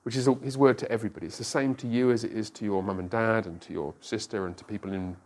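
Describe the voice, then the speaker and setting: A man's voice: lowish voice, steady tone, quick pace. A middle-aged man, a pastor, teaching a church class in a conversational way and often checking that listeners follow.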